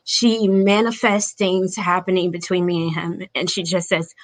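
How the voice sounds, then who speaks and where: Soft-spoken woman caller, hesitant. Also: on the low side, steady tone, moderate pace. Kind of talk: call-in conversation.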